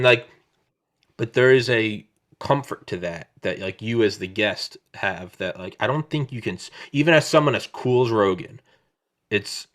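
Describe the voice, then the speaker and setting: A man in his thirties hosting a podcast, chatting casually over a video call on his own microphone, rambling and swearing as he tells stories. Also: on the low side. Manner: rambling, profane, animated storytelling. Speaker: podcast host. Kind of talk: casual chat.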